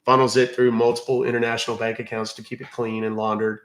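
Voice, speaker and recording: A man's voice: medium pitch, little pitch movement, fast talker, a bit bright, reverberant. A man with a Southern American accent hosting a livestream, chatting casually with viewers, full of fillers and asides. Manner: chatty, drawling, many fillers. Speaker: livestream host. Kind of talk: casual livestream chat reading comments.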